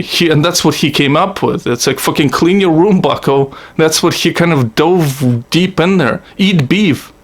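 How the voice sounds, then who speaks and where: A man's voice: on the high side, a bit bright. A man hosting a comedy video, delivering a satirical monologue as a profane, sarcastic, mock-earnest rant.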